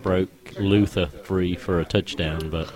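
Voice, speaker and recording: A man's voice: sits low, steady tone, measured pace, a little mellow. A man from Alabama with a Southern accent, a guest on a casual podcast, easygoing and modest.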